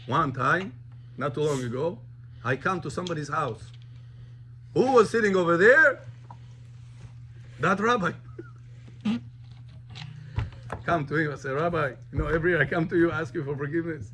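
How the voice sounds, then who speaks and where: Animated rabbi. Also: male voice, fairly high pitch, normal speed, pauses often, slight background noise. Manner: animated, switches between English and Russian. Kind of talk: storytelling talk to a class.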